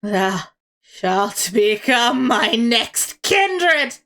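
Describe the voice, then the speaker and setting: A woman voicing a gleeful, menacing male vampire fiend who speaks in an archaic, breathy whisper. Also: a little high, sing-song, pushed and bright, pitched above the performer's own voice, heavily acted. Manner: archaic, creeping, drawn-out.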